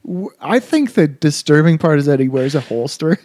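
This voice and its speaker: A man, a Catholic priest, tells a story in an earnest, reflective way. His voice sits fairly high for a man. The recording is dry and close. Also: animated, moderate pace, darkish tone, no room sound. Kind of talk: casual conversation.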